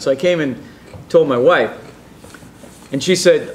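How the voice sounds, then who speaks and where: A middle-aged man telling a personal story in a rambling, animated way, with many fillers and restarts. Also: medium pitch, normal speed, long pauses, slight background noise. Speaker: storyteller guest.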